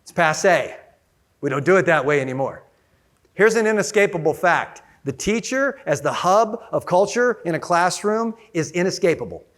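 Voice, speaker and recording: A man giving an energetic conference keynote, often asking the audience questions. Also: a little high. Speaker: conference speaker.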